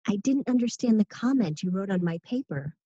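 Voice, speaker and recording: A young female student asks her teacher for another chance in a textbook listening dialogue. Her voice is husky and mellow. The recording is dry and slightly dull. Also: medium pitch, animated, fairly quick, no echo. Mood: pleading.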